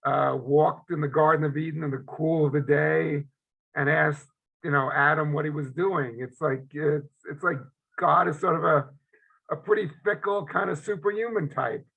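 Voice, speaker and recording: A man's voice: a little high, fairly even intonation, moderate pace, gravelly, phone-quality sound. A man in a study group answering the leader, hesitant, with many fillers and restarts. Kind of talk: spontaneous discussion reply.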